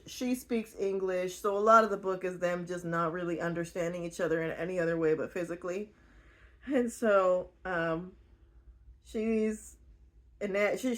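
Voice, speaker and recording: Slow-talking giggly woman recapping a book. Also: medium pitch. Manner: giggly, rambling, frequent fillers. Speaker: book reviewer.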